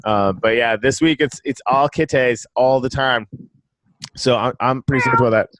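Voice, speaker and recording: Man, middle pitch, laid-back, laughs easily, restarts sentences, dry close sound. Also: moderate pace, a bit bright, no echo. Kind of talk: casual chat.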